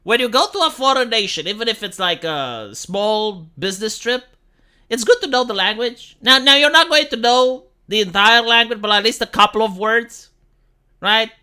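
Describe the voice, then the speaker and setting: Sarcastic streamer, lively pitch. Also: male voice, moderate pace, clean tone. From Romania. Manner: sarcastic, rambling, swears casually. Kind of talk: live stream reaction commentary.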